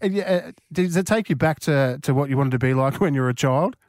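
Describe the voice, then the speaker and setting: A man's voice: a little high, fast talker, darkish tone, no echo. Chatty laughing man, dry close sound. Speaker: radio host. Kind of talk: radio interview.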